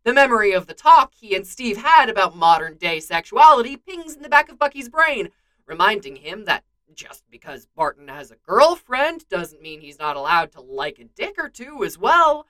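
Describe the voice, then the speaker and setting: A woman reading fan fiction aloud with expressive storytelling. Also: mid-range voice, moderate pace. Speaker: narrator.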